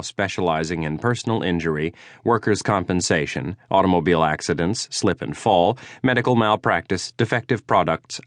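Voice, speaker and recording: Deep, dry-voiced male audiobook narrator. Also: no room sound. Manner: dry, understated, wry. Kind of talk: first-person audiobook narration. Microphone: close studio mic.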